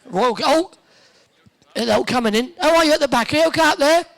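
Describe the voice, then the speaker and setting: Man, very high-pitched, cheeky crowd banter, handheld mic, big indoor arena. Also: vocal fry, fairly bright tone. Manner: cheeky, teasing, quick one-liners. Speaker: arena host entertaining the crowd. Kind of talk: joking crowd banter over a microphone.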